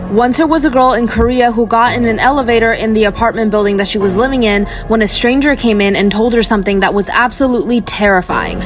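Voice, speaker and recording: A woman reading a scary story as scripted narration, slowing and dropping low for suspense. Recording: voice over loud background music.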